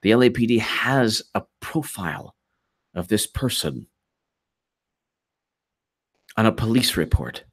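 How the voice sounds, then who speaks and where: A man hosting a live political commentary stream, talking fast and animated, repeating himself and mocking opponents. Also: fairly low pitch, breathy edge. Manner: animated, repetitive, mocking quoted voices.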